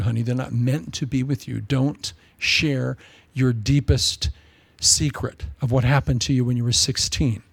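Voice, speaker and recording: A husky, medium-pitched male voice with vocal fry preaches with no echo. The pastor is animated and humorous, talking conversationally and often restating things for emphasis.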